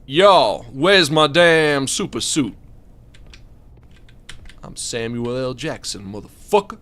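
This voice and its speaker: A man's voice: medium pitch, lively intonation, slow pace, a bit bright. A man doing an impression of an angry, swaggering tough guy who drags out his demands. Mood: demanding.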